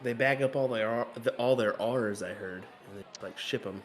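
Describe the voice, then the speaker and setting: Easygoing darts co-commentator. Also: male voice, mid-range voice, fairly quick, slight background noise. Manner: easygoing, laughs often, chats with the audience. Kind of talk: casual play-by-play commentary.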